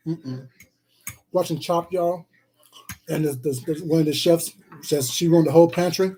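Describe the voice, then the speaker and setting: A man's voice: on the high side, fairly even intonation, normal speed, long pauses, mellow, husky. A man hosting a casual eating livestream, chatting with viewers, calling them baby and sweetheart, and humming while he eats. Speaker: food vlogger on a live stream.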